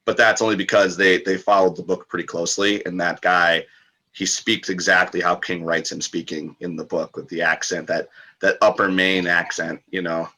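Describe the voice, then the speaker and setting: Low-voiced guy rambling on a podcast, bright edge to his voice, lots of ums. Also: little pitch movement, moderate pace. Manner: rambling, lots of fillers and restarts. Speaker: author and podcast guest. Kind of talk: casual podcast interview.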